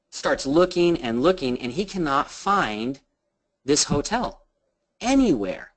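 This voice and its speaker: A man telling an anecdote with lively quoted voices, then giving business advice. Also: medium pitch, low-quality recording. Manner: animated storyteller acting out quotes. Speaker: business speaker. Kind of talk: storytelling business talk.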